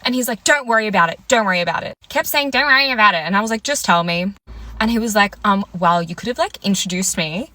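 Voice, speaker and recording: A woman's voice: medium pitch, quick pace, bright, forceful tone, dry recording. A young woman casually telling a story about a bad date, chatty and exasperated, acting out both sides of the conversation. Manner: chatty, exasperated retelling with quoted dialogue. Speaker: storytime vlogger.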